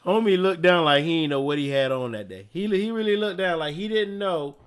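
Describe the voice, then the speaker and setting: A man's voice: on the high side, a little fast, clean tone. A man streaming live, reacting to clips in casual, slangy chat and laughing often.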